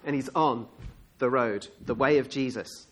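A man's voice: medium pitch, measured pace. A man preaching a sermon in a conversational storytelling manner, acting out the scene as he goes.

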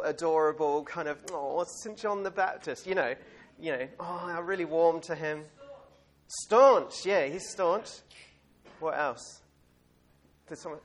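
Guy preaching in church, rambly and chatty, laughs a bit, voice sits a little high. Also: a bit bright. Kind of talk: informal sermon.

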